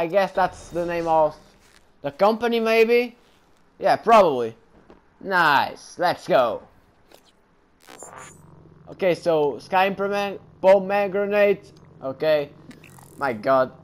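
A man giving excited let's play commentary while gaming, often calling his audience bro. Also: fairly high pitch. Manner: excitable, keeps saying bro. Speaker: gamer.

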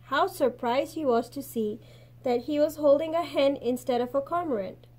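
Expressive woman reading a picture book. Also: high voice. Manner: expressive, slows and softens at gentle endings. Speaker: teacher.

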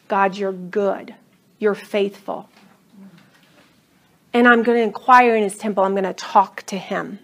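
A woman teaching a Bible class, telling stories and reading scripture in an animated, emphatic way. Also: medium pitch, a little slow, long pauses.

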